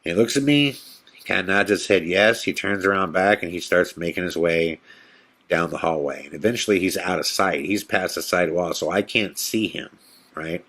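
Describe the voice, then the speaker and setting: A man hosting a podcast, telling a tense personal story in a casual, animated way and acting out the quotes. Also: moderate pace. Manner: animated storyteller, acts out quotes in a whisper and excited high voice. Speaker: podcast host.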